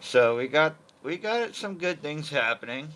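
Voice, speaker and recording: A man's voice: on the high side, lively intonation, a little slow, a bit bright. A man hosting a casual cooking livestream, rambling and thinking aloud with many fillers.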